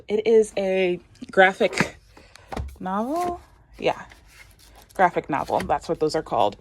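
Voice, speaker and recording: A woman's voice: lowish voice, a little mellow. A young adult woman vlogging casually about her bookshelf, rambling and chatty with frequent fillers, talking in a room at home. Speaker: book vlogger. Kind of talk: casual chat.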